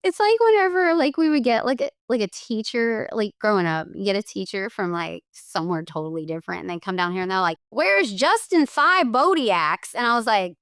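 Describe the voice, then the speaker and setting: A woman's voice: medium pitch, expressive, fast, hardly any pauses, clear, resonant tone, no room sound, clean studio sound. A woman chatting as a guest in a casual interview, talkative with lots of fillers and frequent laughter. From Lafayette, Louisiana, USA. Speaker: radio DJ and cosplayer, guest.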